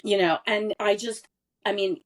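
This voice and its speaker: A woman's voice: mid-range voice, steady tone, moderate pace. A woman in her forties, a podcast guest telling a personal family story in an earnest, candid and emphatic way. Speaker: interview guest. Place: lived abroad in Europe.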